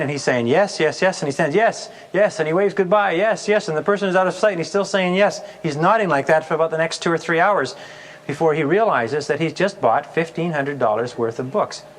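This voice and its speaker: A man giving a sales seminar, telling stories and acting out the customer's answers with amusement. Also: a little high. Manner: storytelling, acts out customer voices. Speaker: sales trainer. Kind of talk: recorded sales seminar talk.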